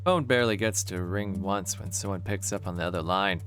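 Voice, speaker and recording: A man's voice: deep voice, a little fast, few pauses, fairly bright tone, soft background music. A man playing a horror game on his channel, reading the text aloud and reacting with jokes and laughter. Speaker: let's play host.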